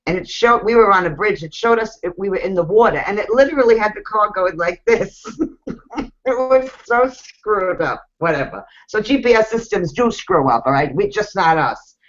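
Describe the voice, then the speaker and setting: A woman's voice: mid-range voice, animated, normal speed, muffled recording. A woman hosting a casual group coaching talk, frank and blunt, with mild swearing.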